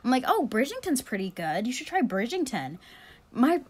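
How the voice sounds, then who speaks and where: A young woman who is a university student, co-hosting a casual podcast, chatty and self-deprecating and quick to laugh. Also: on the high side, sing-song, darkish tone, husky. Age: young adult. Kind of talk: casual chat.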